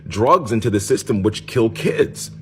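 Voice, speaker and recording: A man's voice: lowish voice, animated, measured pace, a little hiss or hum. A man in a played clip, complaining in an indignant, emphatic monologue.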